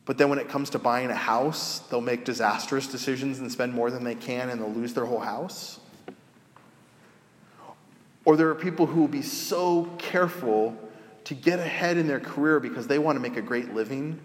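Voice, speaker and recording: A man preaching a sermon as pastor, telling stories in a relaxed, conversational way and acting out the people he quotes. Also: mid-range voice, normal speed. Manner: conversational storytelling, acts out quoted voices. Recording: roomy echo with long reverb.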